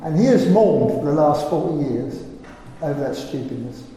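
A man's voice: a little high, expressive, moderate pace, mellow. An older man preaching a sermon, emphatic and full of rhetorical questions. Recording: echoey hall, faint room noise.

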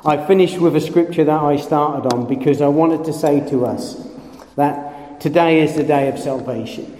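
Male preacher, mellow slightly high voice, animated sermon with jokes, roomy hall reverb. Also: moderate pace. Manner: animated storytelling with playful asides and acted quotes. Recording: echoey hall with long reverb.

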